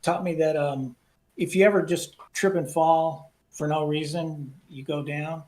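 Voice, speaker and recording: A man who is a guest in an interview, giving brief, relaxed replies in casual chat. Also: a little high, a little slow, poor audio.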